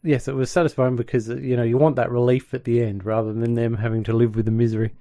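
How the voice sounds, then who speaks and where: Male podcast co-host, mid-pitched, lively and chatty, recorded dry and close. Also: fast, no room sound. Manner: enthusiastic, quotes lines from the show. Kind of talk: casual chat.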